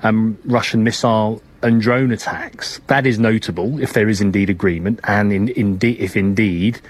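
Husky-voiced male news correspondent. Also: lowish voice, steady tone. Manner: measured, with frequent hesitations and restarts. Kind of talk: live news report.

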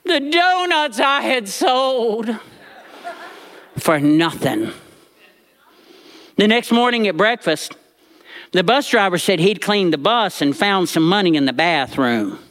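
Male storyteller, animated stage delivery, swooping expressive pitch. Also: measured pace, long pauses. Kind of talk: storytelling to a live audience.

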